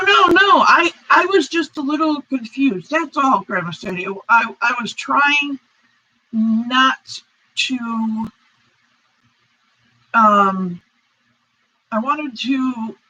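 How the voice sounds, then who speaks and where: Fairly high-pitched and slightly rough with a sharp tone, this crochet channel host from the United States rambles apologetically on her casual live stream. She reads chat comments aloud, and the stream audio is dull and lo-fi.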